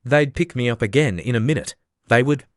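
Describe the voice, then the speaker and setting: A man voicing a pompous, self-important egg man who is quick to take offence, read as an audiobook character. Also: mid-range voice, lively intonation, no echo, studio quality, natural voice. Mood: haughty.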